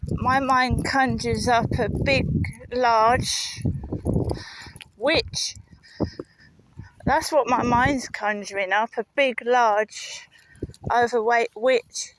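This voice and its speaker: Slow-talking woman rambling on a dog walk. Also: on the high side, steady tone, noisy background. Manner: rambling, muttered asides with swearing. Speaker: vlogger. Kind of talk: casual walking vlog commentary. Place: outdoors on a walk with her dog. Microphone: handheld camera while walking.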